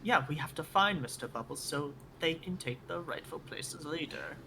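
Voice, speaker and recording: A man's voice: on the high side, animated, normal speed, vocal fry, pushed and bright, husky. A man playing in a tabletop game, in a playful, coaxing manner with laughter. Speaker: player. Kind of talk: in-character roleplay and table talk.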